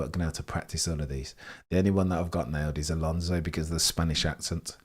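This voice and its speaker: A man's voice: very deep voice, little pitch movement, quick pace, husky. A young man streaming live race commentary, chatting casually and joking as he reads out viewer messages.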